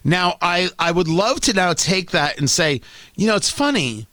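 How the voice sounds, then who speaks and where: Sarcastic, high, animated male talk host. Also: normal speed, no echo. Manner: sarcastic, ranting, stammers when worked up. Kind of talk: opinion talk show commentary.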